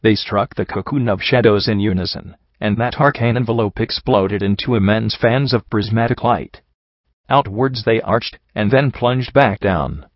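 Low-voiced man reading a story. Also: normal speed, no room sound. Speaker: narrator. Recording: dull lo-fi recording.

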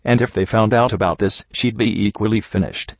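A man reads a long story aloud in a lowish voice, barely changing it between characters. The recording is dry and a little muffled, with no room sound. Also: brisk, dry recording. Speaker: audiobook narrator. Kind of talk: fan fiction audiobook reading.

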